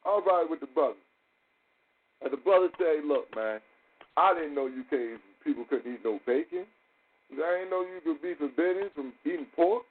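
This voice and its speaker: A man hosting a podcast, telling stories in a loose, profane way and acting out other people's lines as he goes. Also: fairly high pitch. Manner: loose, profane storytelling with quoted dialogue. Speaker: podcast host. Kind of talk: casual podcast talk. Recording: tinny phone-like audio with faint hiss.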